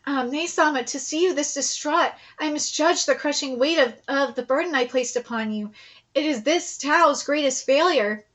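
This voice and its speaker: A woman's voice: sits high, fairly bright tone, voice pushed down. A woman reading as a solemn male general. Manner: formal, measured reading of a man's lines.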